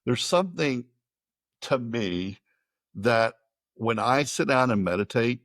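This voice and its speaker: A man's voice: medium pitch, lively intonation, slow, fairly bright tone, no echo. An American man hosting a podcast, chatting casually and rambling, often repeating words as he starts a sentence. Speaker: podcast host.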